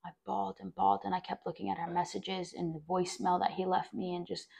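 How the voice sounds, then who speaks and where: A young woman's low, gravelly voice tells her own story as a podcast host. She speaks in a flat, even tone and rambles through many fillers. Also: fast. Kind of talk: personal storytelling monologue.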